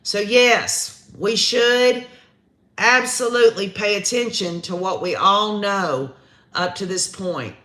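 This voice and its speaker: Man, high bright voice, slow and drawn-out, folksy live-stream host, echoey room. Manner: folksy and chatty, talks straight to viewers. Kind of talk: live-stream commentary reading viewer comments. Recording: roomy echo.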